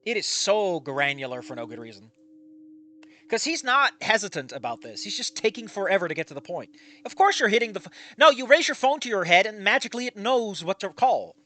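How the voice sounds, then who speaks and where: A man's voice: high voice, sharp tone, no room sound. A man with a nasal voice on a headset mic, reading a fanfic aloud and breaking off to rant about it, rambling, profane and opinionated. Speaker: fanfic reader and commentator.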